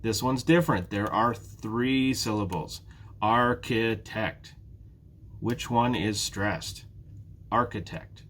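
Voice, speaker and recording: A man with a British accent, teaching a prerecorded beginner English lesson, slowly repeating words for learners. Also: on the low side, a little hiss or hum. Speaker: ESL teacher.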